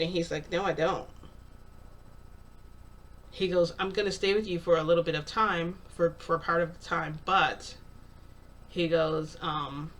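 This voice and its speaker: A woman's voice: on the low side, steady tone, a little slow, pauses often, far from the mic. A woman casually retelling a story in the first person, narrating dialogue with lots of "I'm like" and "he's like". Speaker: channel host telling a story.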